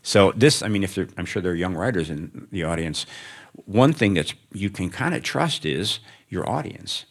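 Very deep-voiced older man, reflective. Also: animated, moderate pace. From American Midwest. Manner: reflective, anecdotal, gently humorous. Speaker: author guest. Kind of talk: onstage conversation before an audience.

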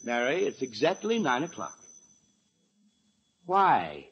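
A man's voice: mid-range voice, wildly swooping pitch, takes it slowly, slight background noise, heavily acted. An actor playing a flustered, easily exasperated middle-aged father in a 1940s radio comedy, stammering and blustering, on a dull old radio recording.

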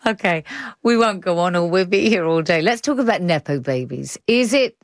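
Low-voiced woman radio host. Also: expressive, normal speed, no room sound, clean studio sound. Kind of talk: radio arts presenting.

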